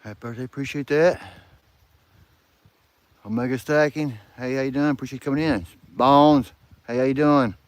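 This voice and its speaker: A man's voice: mid-range voice, fairly even intonation, moderate pace, long pauses, dry recording. A man, hosting a casual outdoor livestream and greeting viewers by name, speaking close to his camera outdoors. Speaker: livestream host. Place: outdoors in snow. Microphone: phone or camera held close.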